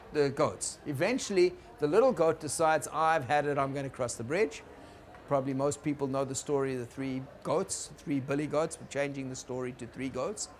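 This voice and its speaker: A man teaching about conflict in a gentle, explaining lecture style, checking in with his listeners. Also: a little high, a little hiss or hum. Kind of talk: recorded lecture.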